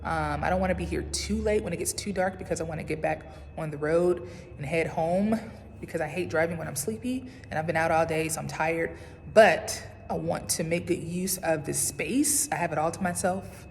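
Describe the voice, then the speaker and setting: A woman's voice: deep voice, normal speed, a little hiss or hum. A young woman in her twenties, a doctoral student vlogging in a casual, upbeat way to her phone camera while walking outdoors on campus. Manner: chatty and upbeat, talking to the camera. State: out of breath from walking. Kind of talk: casual vlog chat.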